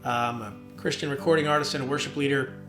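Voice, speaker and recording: A man, a worship leader, hosting a casual devotional talk from his home studio, relaxed and rambling with many fillers. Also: mid-range voice, quick pace. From New Jersey. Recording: roomy studio with soft guitar.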